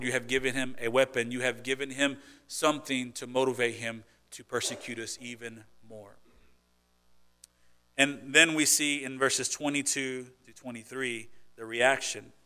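Speaking at a moderate pace with a medium-pitched, steady voice, this pastor delivers a sermon to his congregation. He keeps it conversational, tosses out rhetorical questions, and alternates between forceful emphasis and hushed asides.

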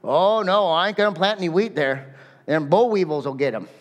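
A man's voice: high-pitched, a little fast, lightly acted. A man voicing a stubborn, fearful male farmer in a put-on rural farmer accent. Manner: refuses everything flatly. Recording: echoey hall.

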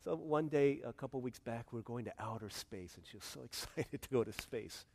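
A man preaching a sermon as pastor, telling stories animatedly and swinging between hushed, tender passages and excited outbursts. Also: medium pitch, normal speed, gravelly.

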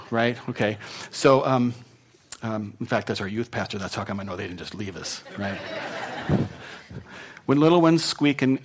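A man pastor preaching a sermon in a conversational way, repeating words and often checking in with the congregation. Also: medium pitch.

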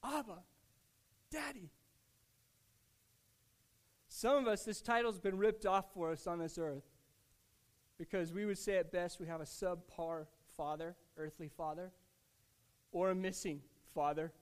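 A man preaching a sermon, earnest and conversational, with frequent restarts and casual asides. He swings between hushed, tender lines and louder, emphatic ones. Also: sits high, steady tone, normal speed, smooth. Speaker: pastor.

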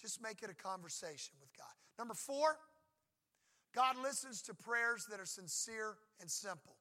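A man in middle age preaching from the pulpit, his voice high and pitched well above most men's. The tone is very bright and ringing. He talks to his congregation in an easy, conversational way, then pushes hard on key points and slips briefly into voices for prayers and for God answering. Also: lively intonation, normal speed. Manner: conversational, emphatic, acts out prayers and God's replies. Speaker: pastor. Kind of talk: sermon.

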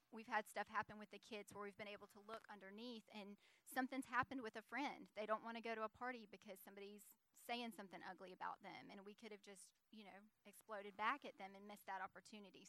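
A woman's voice: mid-range voice, sharp tone. A middle-aged woman co-presenting a parenting seminar, speaking earnestly with frequent fillers. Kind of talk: conversational teaching.

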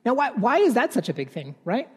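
A man's voice: very high-pitched, huge pitch swings, a little fast, darkish tone, slightly rough. Man preaching in an echoing hall. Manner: conversational, keeps adding "right?". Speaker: pastor. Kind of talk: sermon. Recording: long reverb of a large hall.

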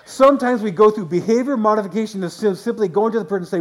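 Man, pastor, conversational sermon, fairly high voice, restarts phrases. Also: very fast. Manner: conversational preaching with restarts and acted quotes.

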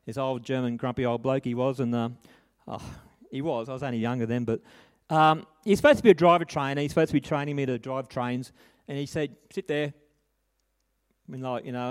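A middle-aged man with a medium-pitched voice preaches a sermon, recounting a personal story. He sounds earnest and conversational, often restarting sentences and tacking on tag questions.

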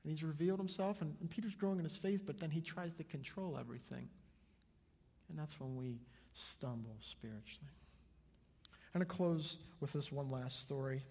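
Male pastor, sermon. Husky, fairly high, earnest, long hall reverb. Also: moderate pace. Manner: earnest, shifts between soft and loud.

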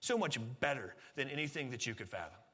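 A man, a pastor, preaching a sermon earnestly, pushing phrases up with emphasis and then dropping to a quieter, intimate tone. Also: mid-range voice, big pitch swings, quick pace, husky, big-room sound.

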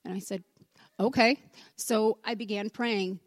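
Woman, church testimony, chatty storyteller, mid pitch, dry close sound. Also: steady tone, a little slow, no room sound. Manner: conversational storytelling, acts out the dialogue. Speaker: church member giving a testimony. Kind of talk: personal testimony told as a story.

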